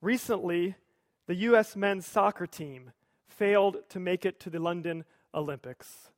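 A pastor preaching a sermon in a conversational, lightly humorous storytelling manner. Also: male voice, sits high, a little slow, no echo, studio quality.

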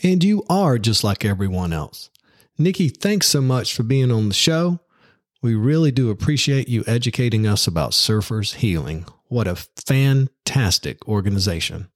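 A man's voice: mid-range voice, expressive, normal speed, no room sound, clean studio sound. A man hosting a podcast, thanking his guest and listeners in an upbeat sign-off. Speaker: podcast host. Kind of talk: podcast outro. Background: music.

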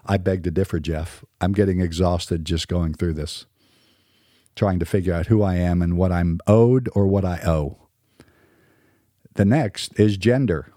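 A middle-aged podcast host from the Southern United States delivers a scripted monologue peppered with wry, sarcastic asides. His accent is mostly standard American, and his low, warm voice is recorded at studio quality with no room sound.

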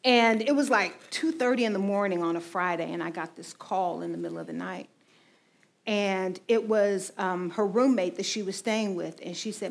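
A woman in her forties tells a faith testimony in a loose, chatty manner. Her voice sits at a middling pitch. She peppers her story with "you know". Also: moderate pace. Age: 40s. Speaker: ministry team speaker.

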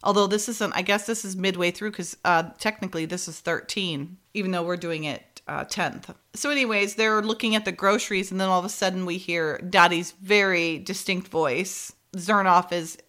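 A woman's voice: lowish voice, normal speed, few pauses. A woman co-hosting a podcast, chatting through an episode recap with lots of laughs and fillers. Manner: animated, giggly, many fillers. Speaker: podcast co-host.

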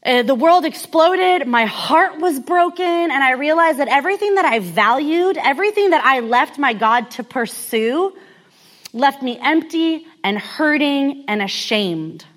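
A woman's voice: high-pitched, expressive, unhurried, fairly bright tone. A woman in her thirties from California giving a candid, conversational sermon told as a personal story, with many casual fillers. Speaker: speaker.

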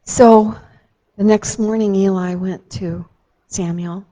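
A woman telling a Bible story to a child, gentle and slow with dramatic emphasis on key moments. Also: mid-range voice, fairly even intonation, rough recording.

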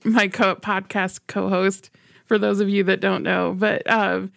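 A woman's voice: medium pitch, little pitch movement, a little slow, vocal fry, fairly bright tone, dry recording, clean studio sound. A woman guesting on a film podcast, agreeable and giggly, with many short replies. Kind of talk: casual film chat.

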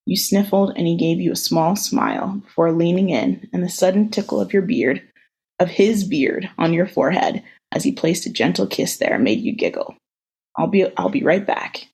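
Husky woman reading a story. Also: on the low side, moderate pace, darkish tone, low-quality recording. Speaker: podcast co-host. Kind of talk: reading a fan story aloud, then casual chat. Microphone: video call.

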